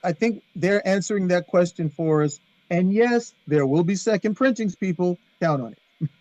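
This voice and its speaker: Wry jokey guy, really high voice, dry muffled lo-fi audio. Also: normal speed, mellow, no room sound. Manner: wry, joking, laughs often. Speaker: comics podcast co-host. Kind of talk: casual chat. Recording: dull dry lo-fi sound.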